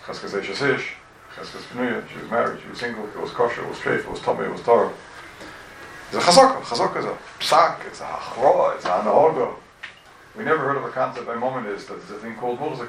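Gravelly-voiced man teaching Talmud class. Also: medium pitch, quick pace, a little hiss or hum. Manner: animated, rhetorical questions, addresses students. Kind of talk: lively Talmud class lecture. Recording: echoey room, voice from a distance.

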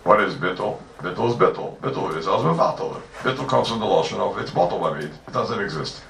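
A man gives a Talmud class, firing off rhetorical questions in a lively back-and-forth. His voice is low and gravelly yet bright and sharp at the edges. He sits well back from the mic in a roomy hall with faint background ambience. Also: a little fast, slight background noise. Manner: animated, rhetorical questions, Yeshivish mix of Hebrew and Yiddish terms. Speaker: Talmud teacher. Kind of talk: Talmudic lecture. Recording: echoey room, distant mic, faint ambience.

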